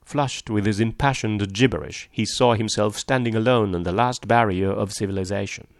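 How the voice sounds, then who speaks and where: A man narrating a classic novel in a measured, low-key reading. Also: no room sound, studio quality. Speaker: audiobook narrator. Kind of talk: literary audiobook narration.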